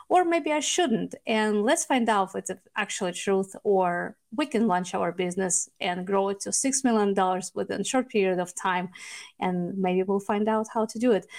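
Creaky-voiced woman podcast host. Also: mid-range voice. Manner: halting, searching for words, non-native phrasing. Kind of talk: casual interview.

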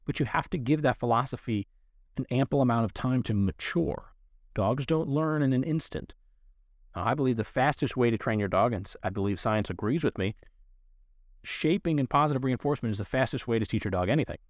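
A dog trainer lays out training rules for his podcast listeners, speaking earnestly and directly like an instructor. His medium-pitched voice is animated and fairly quick. The studio-quality recording has no echo.

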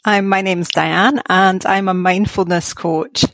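A woman with a Glaswegian Scottish accent talks as a podcast guest. She explains things calmly and in a measured way, in a fairly low voice. The sound is dry and close. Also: dry recording. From Scotland. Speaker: mindfulness coach. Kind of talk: podcast interview.

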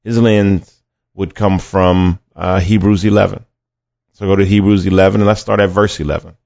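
Gravelly low-voiced man preaching. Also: little pitch movement, normal speed, darkish tone. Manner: conversational, repeats words, acts out quoted voices. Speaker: podcast preacher. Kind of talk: sermon teaching with scripture reading. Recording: dull lo-fi dry recording.

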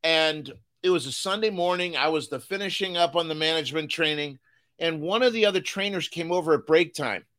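A man hosting a business podcast, giving an energetic motivational talk and repeating phrases for emphasis. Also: fairly high pitch, fairly quick. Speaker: business coach and podcast host.

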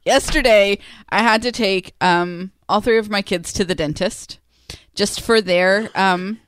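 A woman's voice: medium pitch, measured pace, a bit bright, no echo. Woman podcast co-host, forties, chatty storyteller, dry close sound. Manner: chatty storytelling with frequent laughs. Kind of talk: casual chat.

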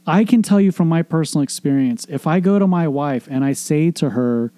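A man's voice: fairly high pitch, moderate pace, few pauses, warm tone, clean tone, no room sound. A middle-aged man hosting a show, giving an earnest, emphatic motivational monologue on relationships, with casual swearing and repeated phrases. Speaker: podcast host, relationship coach.

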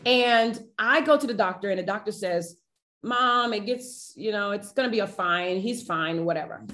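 A woman's voice: medium pitch, moderate pace. A woman, a podcast guest, telling a personal family story with feeling and acting out the dialogue. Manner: emotional, animated retelling with quoted dialogue.

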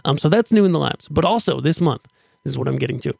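Male podcast host, slightly high and gravelly, casual and upbeat, close dry mic. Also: expressive, quick pace, darkish tone, dry recording. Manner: upbeat, chatty, with restarts while pitching offers.

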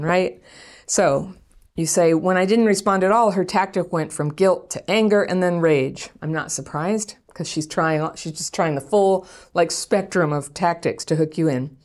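A woman hosts a relationship advice podcast, answering a listener's letter frankly and conversationally, laughing often. Her voice is lowish and a little mellow, at a normal speed.

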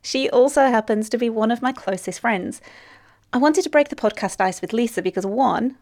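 A woman hosting a podcast, earnestly reading her intro and then chatting warmly with a friend, cheering her on and laughing often. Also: fairly high pitch, moderate pace. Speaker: podcast host. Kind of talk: scripted intro, then casual chat.

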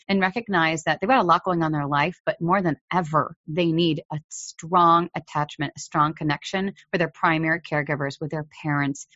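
A woman with a fairly low voice talks through parenting advice in an earnest, coaching way, now and then acting out lines a parent might say. The sound is dry and close, with a slightly dull, lo-fi quality. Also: fairly bright tone, dry recording. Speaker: parenting podcast host. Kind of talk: advice podcast monologue.

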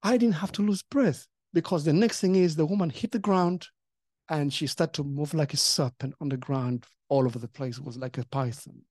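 A pastor sharing a testimony in a podcast conversation, animated and acting out the voices in the story. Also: medium pitch, moderate pace, dry recording, clean studio sound. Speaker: pastor and co-host.

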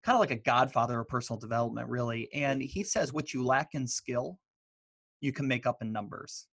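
A man, a guest in an interview, telling stories in a loose, animated way full of fillers. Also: mid-range voice, brisk, creaky, dry recording. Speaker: guest, author and speaker. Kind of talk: casual interview storytelling.

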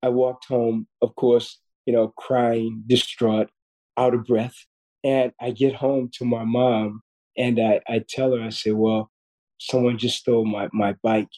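A man's voice: mid-range voice, little pitch movement, unhurried, darkish tone, rough recording. A man in his fifties, a podcast guest, telling a personal story in an earnest way, often repeating words as he goes. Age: 50s. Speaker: guest surgeon.

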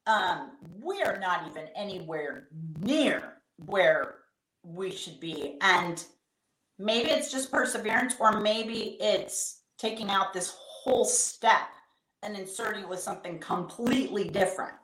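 A middle-aged woman being interviewed, telling candid stories and acting out quoted lines in a lively conversational way. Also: mid-range voice, unhurried, echoey room, low-quality recording. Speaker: guest, event company founder.

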